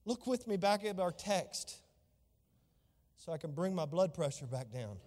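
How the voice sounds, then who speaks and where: A man's voice: sits high, very animated, measured pace, a little mellow, in a large hall. A man preaching a sermon as pastor, fervent and exclamatory, reading and explaining scripture.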